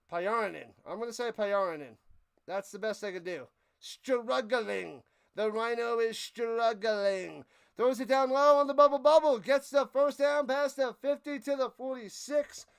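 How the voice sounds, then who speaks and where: A man's voice: high-pitched, vocal fry, clean tone. A young man hosting a live play-by-play stream, joking and laughing as he calls the action and trips over player names. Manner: jokey, animated, stumbles over names.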